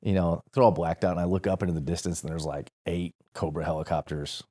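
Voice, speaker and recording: A man from St. Louis tells a war story on a podcast in a deep, low-pitched voice. He sounds tired, but he keeps things animated, profane and full of laughs. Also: fast talker. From St. Louis, USA. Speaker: podcast guest, former Marine. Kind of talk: casual storytelling.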